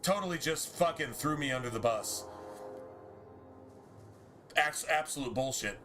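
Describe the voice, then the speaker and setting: A man's voice: mid-range voice, expressive, a little slow, music in the background. Heated, profane man. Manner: heated, profane ranting with restarts. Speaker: game streamer. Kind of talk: casual storytelling while streaming.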